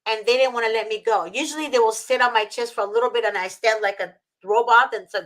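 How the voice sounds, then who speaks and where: A woman from Egypt hosts a casual chat in a slightly high voice. She gushes and gets emotional easily. Her sentences stumble and restart, full of fillers. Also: fairly even intonation, fast talker, fairly bright tone, poor audio. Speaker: host. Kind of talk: casual video-call chat.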